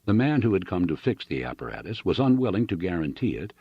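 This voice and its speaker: A man reading a novel aloud as an audiobook narrator, in an expressive, dramatic style. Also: low-pitched, fast talker, breathy edge, no room sound, dull audio. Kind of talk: scripted narration.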